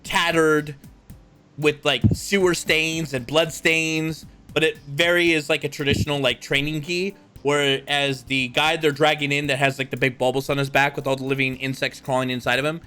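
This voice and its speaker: A man's voice: a little high, little pitch movement, moderate pace, pushed and bright, faint music behind. A man acting as game master, narrating a tabletop role-playing game in a rambling way full of fillers.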